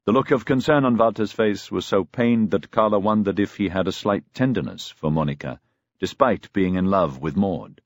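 A man's voice: low-pitched, moderate pace, dry recording. A man narrating a novel as an audiobook, telling the story expressively.

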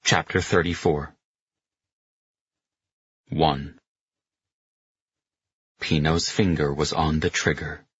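A man narrating an audiobook in a measured, dramatic way. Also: rumbling low, little pitch movement, fairly bright tone, slightly rough, no echo. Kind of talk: scripted narration. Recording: slightly muffled dry recording.

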